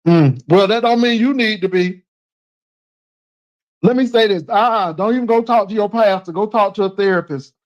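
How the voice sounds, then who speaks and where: A man's voice: high-pitched, moderate pace, dull audio. A man in casual live call-in chat, sassy and teasing, repeating his points with emphasis.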